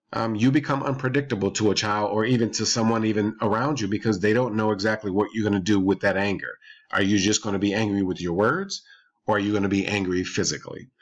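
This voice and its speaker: Male parenting coach, lower voice, steady and explanatory, podcast delivery. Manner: calm, explanatory, repeats points. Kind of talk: advice podcast talk.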